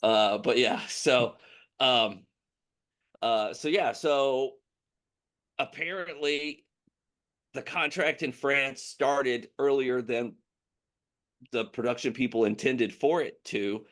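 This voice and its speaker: A man's voice: medium pitch, takes it slowly, pauses often, a bit bright. A man hosting a casual news chat, talking in a rambling way with many fillers and restarts. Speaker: podcast host.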